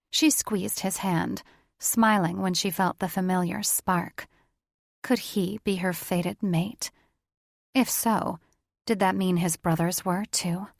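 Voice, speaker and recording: A woman narrating a romance audiobook with steady, intimate storytelling. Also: on the low side, gravelly, no room sound, clean studio sound.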